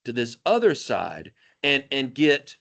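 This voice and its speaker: A man teaching math to a class, animated and jokey, calling on students by name. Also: medium pitch, slow, vocal fry. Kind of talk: classroom lecture.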